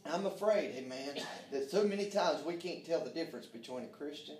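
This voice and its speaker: A man's voice: fairly high pitch, expressive, brisk, darkish tone, a little hiss or hum. A man preaching a sermon in a folksy, fervent way, with frequent amens. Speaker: pastor. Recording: roomy echo, distant from mic.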